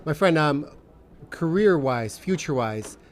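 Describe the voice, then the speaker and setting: A man's voice: a little high, expressive, a little slow, a little hiss or hum. A man in his thirties, reflecting thoughtfully on faith and asking his co-host questions in a casual podcast chat. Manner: reflective, questioning, frequent affirming murmurs.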